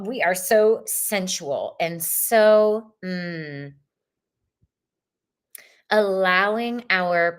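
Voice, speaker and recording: A woman hosting a livestreamed tarot reading, chatty and expressive, greeting viewers in the chat as she pulls cards. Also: sits low. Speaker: tarot reader.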